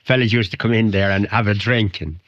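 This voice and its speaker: An older man from Ireland with a Wicklow accent is a guest on a radio interview, chuckling through rambling anecdotes. His voice is lowish, steady in tone, a bit bright, and a little fast. The 1990 radio studio recording is dry and dull, with no echo.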